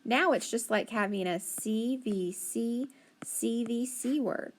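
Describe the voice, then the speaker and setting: A woman teacher giving a phonics lesson, sounding out words slowly syllable by syllable and praising often. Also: a little high.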